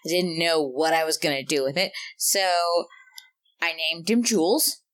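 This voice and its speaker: A woman in casual podcast chat, telling an animated, laughing story about a tabletop game character. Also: sits low, unhurried. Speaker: podcast co-host, tabletop gamer.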